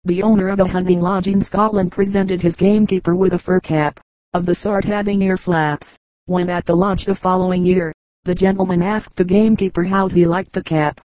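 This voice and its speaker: Woman audiobook reader, measured delivery, warm dark tone, dry close sound. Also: fairly low pitch, steady tone, dry recording, rough recording. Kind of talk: scripted narration.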